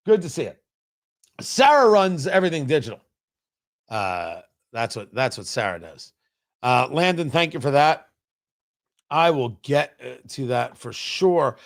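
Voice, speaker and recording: A man's voice: medium pitch, very animated, unhurried, pauses often. A middle-aged man hosting a political commentary livestream, firing off sarcastic, heated rhetorical questions. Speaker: talk show host.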